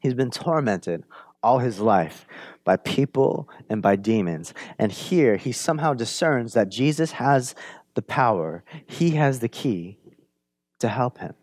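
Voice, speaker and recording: A man preaching a sermon, conversational and animated, often asking "right?", swinging from emphatic bursts to hushed lines. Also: unhurried, dry recording. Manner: animated, builds up to emphatic high-energy retelling, drops to hushed low lines. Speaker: pastor.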